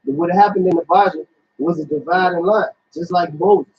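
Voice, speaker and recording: A man's voice: sits high, steady tone, normal speed, slight background noise. A man talking emphatically and profanely, repeating his words, in a casual religious discussion. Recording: dull lo-fi recording.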